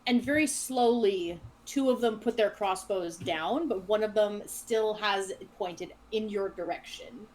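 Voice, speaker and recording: A woman narrating as dungeon master in an online tabletop game, chatty and quick to laugh. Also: medium pitch, a little mellow, a little hiss or hum, poor audio. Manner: chatty, laughs often, restarts phrases.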